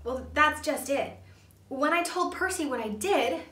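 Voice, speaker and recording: A woman's voice: measured pace, a bit bright. Woman doing a sobbing little asparagus boy. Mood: tearful. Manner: tearful, high-pitched, pleading. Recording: echoey room, mic far off.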